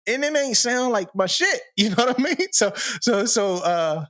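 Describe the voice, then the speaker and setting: A man's voice: extremely high pitch, very animated, normal speed, a bit bright, no room sound, clean studio sound. A man, a podcast co-host, telling a story in a loose, slangy way, often laughing and asking "you know what I mean". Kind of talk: casual storytelling chat.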